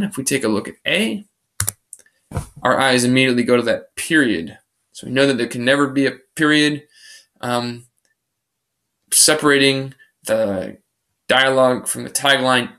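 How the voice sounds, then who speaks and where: A man's voice: medium pitch, gravelly, bright, forceful tone. A male teacher recording a screencast tutorial, explaining grammar rules patiently and step by step. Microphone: computer microphone for a screen recording.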